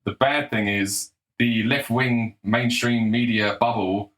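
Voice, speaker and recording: A man's voice: medium pitch, steady tone, takes it slowly, fairly bright tone, low-quality recording. A young man giving a blunt, combative, sarcastic opinion monologue, swearing freely. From England. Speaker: political commentator.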